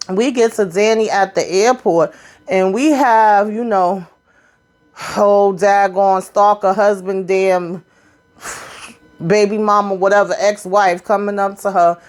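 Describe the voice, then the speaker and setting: Chatty woman recapping a TV episode. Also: mid-range voice. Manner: chatty, slangy, quotes the characters loosely.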